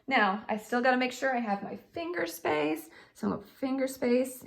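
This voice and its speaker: A woman's voice: high-pitched, expressive, normal speed, gravelly. Patient sing-song woman teacher. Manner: patient, sing-song, addresses kids as friends. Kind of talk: children's writing lesson.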